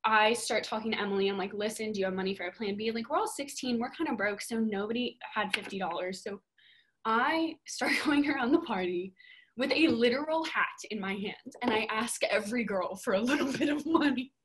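A young woman co-hosting a podcast, telling a story in a casual, animated way and swearing a lot. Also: a little high, brisk, low-quality recording. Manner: animated, profane, emphatic storytelling. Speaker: podcast co-host.

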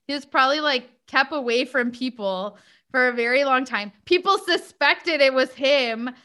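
A woman with a high, bright voice hosts a podcast in loose, casual chat. Her talk is full of "like" and "you know" as she works through her thoughts. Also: moderate pace. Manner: chatty, many fillers like "like" and "you know". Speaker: podcast host.

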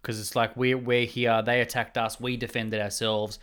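A man's voice: mid-range voice, little pitch movement, moderate pace, a bit bright, clean tone. A man in casual conversation, arguing and speculating in long run-on points. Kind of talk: casual chat.

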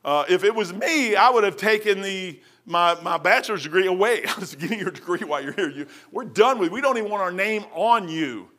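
Preacher, male, high and bright, animated testimony with loud bursts and stammers. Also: fairly quick, few pauses. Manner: animated storytelling with sudden loud outbursts. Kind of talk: testimony sermon.

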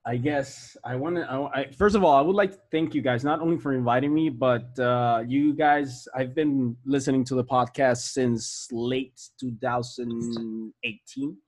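A man's voice: mid-range voice, steady tone, moderate pace, few pauses. Male podcast guest from Puerto Rico, laid-back and profane. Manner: laid-back, swears freely. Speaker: podcast guest, metal musician. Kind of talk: casual podcast chat.

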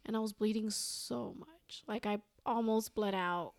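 Young woman, podcast guest, gravelly voice, dry close sound, animated storytelling. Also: medium pitch, measured pace, no room sound. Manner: animated, quotes herself and others, many "like"s. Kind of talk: casual storytelling.

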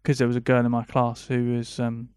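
A man's voice: medium pitch, monotone, darkish tone, smooth, no echo, studio quality. Easygoing man co-hosting a podcast. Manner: easygoing, quick to laugh along. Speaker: podcast co-host. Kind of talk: casual chat.

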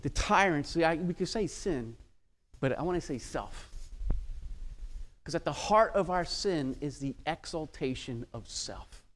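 A male preacher with a notably high voice delivers an expository sermon with rhetorical questions. He swings sharply between loud, emphatic exclamations and quiet, hushed lines. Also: lively intonation, unhurried.

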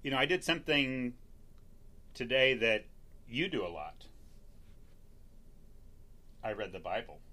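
Expressive older man, bright lively voice. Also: mid-range voice, unhurried, pauses often. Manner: agreeable, chuckling, expressive. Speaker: podcast co-host. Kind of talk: casual podcast chat.

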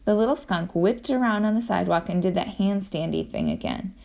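A woman reading a children's adventure book aloud, telling it lively and acting out the sound effects. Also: mid-range voice, fairly quick, gravelly. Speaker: audiobook narrator.

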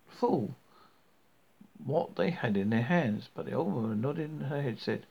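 Guy reading a fairy tale out loud, lots of stumbles, lively up-and-down voice, gravelly, muffled lo-fi audio. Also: fairly high pitch. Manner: halting, with frequent stumbles and restarts. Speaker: storybook reader. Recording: dull lo-fi recording.

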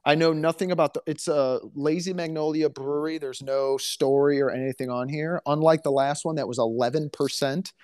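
A man's voice: a little high, fairly even intonation, brisk, few pauses, darkish tone, clean tone. A man co-hosting a casual podcast, telling stories in a chatty, dry, joking way. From Alabama, US. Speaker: podcast co-host. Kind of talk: casual chat.

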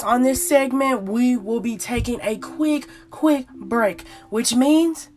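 A woman hosting her own podcast, with playful, chatty talk and story time aimed straight at her listeners. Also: on the high side. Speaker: podcast host. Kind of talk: casual chat and story time.

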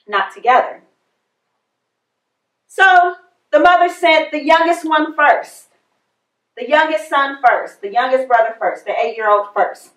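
A woman with a high voice preaches slowly, leaving space between her phrases. She repeats her words for emphasis. The sound is echoey, as if she is in a large room. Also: a bit bright. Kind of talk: sermon.

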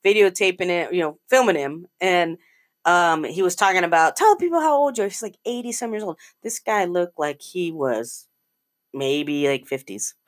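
A woman's voice: on the low side, lively intonation, moderate pace. A woman co-hosting a casual talk show, chatting loosely, laughing and swearing freely. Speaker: podcast co-host. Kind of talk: casual chat.

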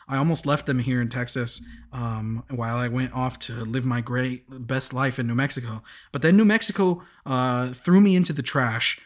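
A young man hosting a podcast, rambling through a casual recap with lots of chuckles, restarts and asides. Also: medium pitch. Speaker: podcast host.

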